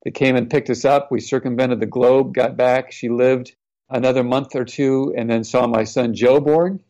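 A man's voice: mid-range voice, steady tone, normal speed, dark tone. A middle-aged man, a former pro athlete, earnestly telling a personal story in an interview. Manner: earnest, reflective, retelling quotes. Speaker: guest, former NFL player. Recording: slightly dull, lo-fi audio.

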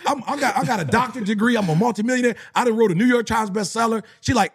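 A man's voice: fast, few pauses, slightly rough. A middle-aged man, a motivational speaker who tells stories in slangy talk and acts out other people's voices. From Detroit area. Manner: animated, slangy, acts out voices with big pitch jumps. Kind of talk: storytelling talk.

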